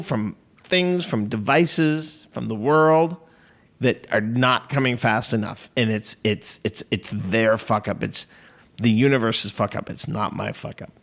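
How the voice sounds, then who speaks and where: A man's voice: mid-range voice, a bit bright. Rambling man in his fifties podcasting. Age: 50s. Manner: rambling, self-deprecating, swears freely. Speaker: podcast host. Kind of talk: casual solo podcast monologue. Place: recording studio. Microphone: studio microphone.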